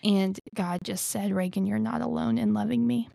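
A young woman from Alabama shares her own story in an earnest, chatty voice, with plenty of ums and likes. Her pitch sits in the middle for a woman. The sound is dry and close, with no room around it. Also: fairly even intonation, moderate pace, creaky, dark tone, dry recording. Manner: earnest, chatty, many fillers. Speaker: life coach. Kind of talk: personal storytelling.

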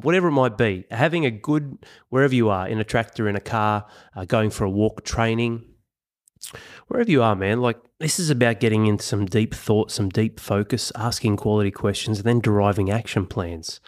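A man's voice: lowish voice, a little mellow. A man hosting a motivational podcast, talking bluntly and swearing for emphasis. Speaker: podcast host. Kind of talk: motivational monologue.

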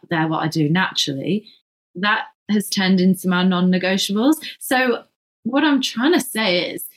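Woman, young adult, chatty podcast guest, quick and self-deprecating. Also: mid-range voice. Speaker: guest, yoga and flexibility instructor. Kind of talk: casual podcast conversation.

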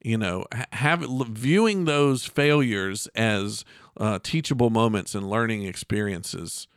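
A man's voice: on the low side, smooth, no echo, studio quality. A middle-aged man hosting a casual faith podcast, joking and often restarting his sentences. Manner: joking, halting with many restarts. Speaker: host. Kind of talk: casual Christian podcast chat.

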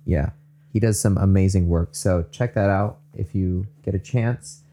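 A man's voice: deep voice, fairly even intonation, a little slow, dark tone. A young man from Southern California hosting a faith podcast, upbeat and eager, laughing often. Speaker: podcast host. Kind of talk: casual faith podcast talk.

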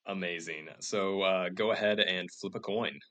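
A man with a lowish voice runs a comedic tabletop game as its game master. He rambles through his scenes, stacking fillers and restarting his sentences as he narrates. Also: moderate pace, bright, forceful tone.

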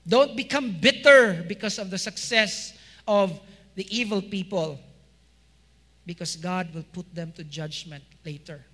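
A male pastor preaching a sermon, asking rhetorical questions and swinging between loud emphasis and quiet, low endings. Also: unhurried. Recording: long hall reverb.

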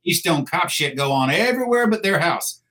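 A man's voice: a little high, lively intonation, moderate pace, a bit bright. Blunt veteran man telling war stories. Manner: blunt, profane, with wry laughs. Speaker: military veteran guest. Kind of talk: casual war storytelling.

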